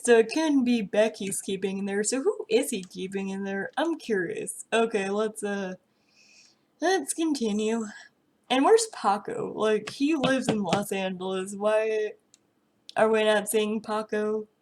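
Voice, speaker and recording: Unhurried and a little mellow, this mid-range female voice belongs to a young reaction vlogger tearing into a TV episode. Her commentary is exasperated, sarcastic, and packed with swearing.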